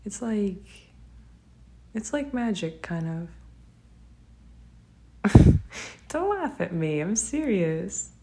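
A young woman, speaking gently and tenderly to a partner in a whispered role-play, with soft laughs. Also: mid-range voice, big pitch swings, extremely slow, long pauses, noisy background. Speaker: affectionate partner.

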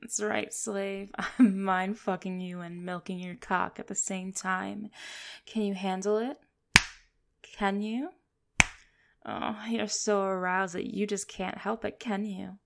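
A woman speaking in a commanding, teasing way for an erotic hypnosis role-play, breaking into soft low laughs. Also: level tone, takes it slowly, gravelly, slight background noise. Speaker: dominant hypnotist persona.

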